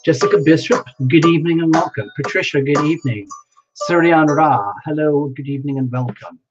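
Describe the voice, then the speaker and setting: A man's voice: on the high side, brisk. A man hosting a tarot live stream, chatting playfully with viewers, reading out their names and laughing often. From United States. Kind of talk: casual live-stream chat greeting viewers. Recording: dull lo-fi sound with music behind. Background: music playing.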